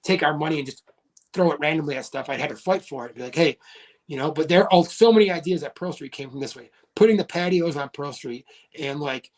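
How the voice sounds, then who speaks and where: A man in his thirties with a fairly high voice talks as a podcast guest. His stories ramble and are full of "like" fillers. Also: fast talker, a little mellow. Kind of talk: casual storytelling chat.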